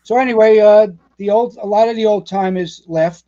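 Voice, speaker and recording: A man's voice: high voice, moderate pace, dull audio. A man in his sixties from the Bronx with a New York accent, a retired fire captain telling salty, profane stories as a podcast guest. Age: 60s. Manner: salty, profane, animated storyteller. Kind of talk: storytelling interview.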